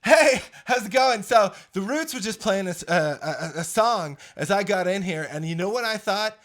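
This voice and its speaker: A man's voice: high voice, lively intonation, normal speed, a bit bright, pitched above the performer's own voice. A man doing an impression of a bubbly, chummy male late-night talk show host with a giggly, upbeat delivery.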